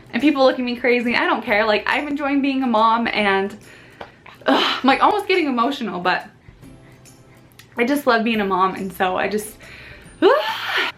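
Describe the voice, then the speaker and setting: A woman's voice: on the high side, fairly bright tone. A woman in her twenties, a vlogging new mom, chatting casually to camera and saying "like" a lot. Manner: chatty, fills talk with "like".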